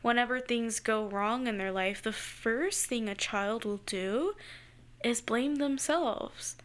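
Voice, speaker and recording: A woman's voice: on the high side, slow, a bit bright. A woman co-hosting a casual podcast who laughs often and adds reflective comments. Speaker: podcast co-host. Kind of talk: casual chat.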